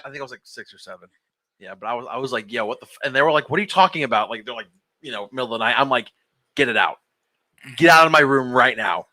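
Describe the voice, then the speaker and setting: A young man hosting a casual podcast, telling a story with lots of energy. His voice is very bright and forceful, and his pitch swings widely. He swears freely and laughs through his story. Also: animated, quick pace. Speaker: podcast co-host. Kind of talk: casual group chat, storytelling.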